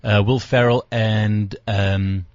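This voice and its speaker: A man's voice: on the low side, steady tone, slow, no echo, highs cut off. A man hosting a radio chat show, talking hesitantly with many ums and restarts. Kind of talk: casual chat.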